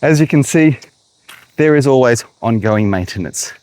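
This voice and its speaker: A man's voice: mid-range voice, expressive, normal speed, darkish tone, poor audio. Slightly winded Australian man touring a garden. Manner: chatty, talks straight to viewers. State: a little out of breath from walking. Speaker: horticulturist vlogger. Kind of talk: walking garden tour vlog. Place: outdoors in a botanic garden.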